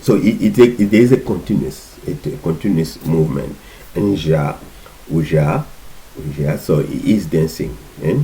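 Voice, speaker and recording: A man giving an informal language lesson, patiently repeating words in slow drills. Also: a bass voice, animated, warm tone, low-quality recording. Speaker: language teacher.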